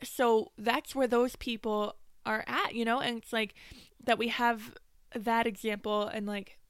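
A young woman co-hosting a casual faith podcast, talking in an animated way and laughing often. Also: a little high, unhurried, clean tone, dry recording, clean studio sound. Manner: animated, laughs often, retells with mimicking voices. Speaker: podcast co-host.

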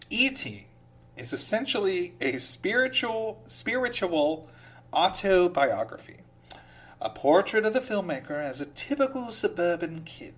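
Here the host quotes movie reviews in a relaxed manner, his mid-range voice breaking off for snarky comments. At times he drifts into a grand, self-important recitation.

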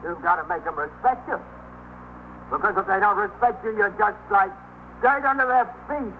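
A man's voice: high voice, moderate pace. An actor playing an unstable, paranoid man barricaded with a gun, ranting and threatening in 1950s radio drama style. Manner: agitated, repetitive, swings between threats and self-pity. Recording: tinny old radio broadcast with faint hiss.

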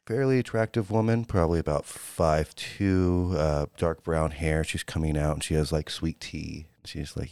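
A man's voice: rumbling low, steady tone, gravelly, darkish tone, dry recording, studio quality. A man narrating and playing characters in a tabletop role-playing game, rambling with many fillers. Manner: rambling, fillers, switches into quick character voices. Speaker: player and narrator.

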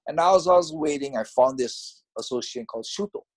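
A man casually recounting how he started fighting, in a reflective, halting, conversational way. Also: medium pitch, husky. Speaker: former fighter recounting his career. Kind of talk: casual storytelling.

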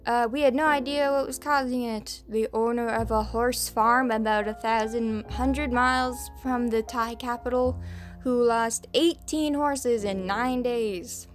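A woman's voice: on the high side, fairly even intonation, a little slow, soft background music. A young woman hosting a podcast, rambling through the news in a casual, swearing, filler-heavy way. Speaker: podcast host.

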